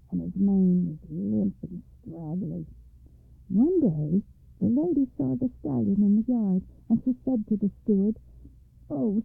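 A woman telling a fairy tale as a radio storyteller, reading in a measured, expressive way. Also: medium pitch, creaky, husky, dry recording. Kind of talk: scripted fairy-tale narration. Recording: dry, tinny phone-like radio sound.

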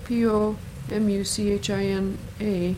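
A woman's voice: mid-range voice, flat delivery, measured pace. Woman in a noisy 1970s interview tape. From Ireland. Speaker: interview participant. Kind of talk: oral history interview. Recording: 1970s tape with audible noise.

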